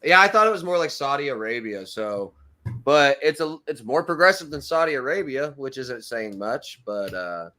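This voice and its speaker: A man's voice: medium pitch, very animated, normal speed, sharp tone. A young man co-hosting a casual podcast, retelling a story in a mocking tone and laughing often. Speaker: co-host.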